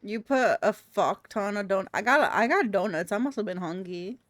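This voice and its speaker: A woman's voice: mid-range voice, lively intonation, normal speed, no echo, clean studio sound. A woman streaming a game live, chatting crudely with her viewers and giggling while she plays. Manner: crude, giggly, talks to chat while playing.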